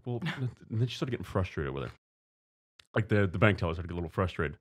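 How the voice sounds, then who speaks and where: A man's voice: low voice, expressive, quick pace, husky. A man co-hosting a studio podcast, telling a story casually, acting out voices and swearing freely. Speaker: podcast co-host. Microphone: studio mic.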